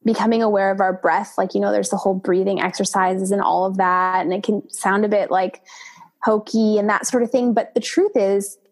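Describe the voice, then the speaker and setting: Woman, podcast co-host, reflective, earnest, mid-pitched. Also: steady tone, a little fast. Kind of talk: casual faith conversation.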